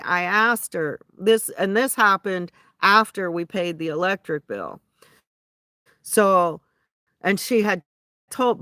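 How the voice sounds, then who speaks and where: A woman's voice: medium pitch, sharp tone, smooth, dry recording, clean studio sound. A woman ranting indignantly to her viewers in a rambling, casual way, often restarting her sentences. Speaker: vlogger. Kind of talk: casual venting rant to viewers.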